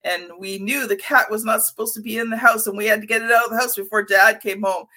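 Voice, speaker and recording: A woman hosting a podcast interview, telling personal stories in a lively, expressive way. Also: mid-range voice, quick pace. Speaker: podcast host. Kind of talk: conversational interview.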